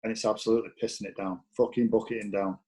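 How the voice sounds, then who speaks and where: A man's voice: on the low side, flat delivery, racing, darkish tone, low-quality recording. A man, a former footballer appearing as a guest, telling stories in a blunt, profane way and acting out quoted dialogue. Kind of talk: casual anecdotal storytelling.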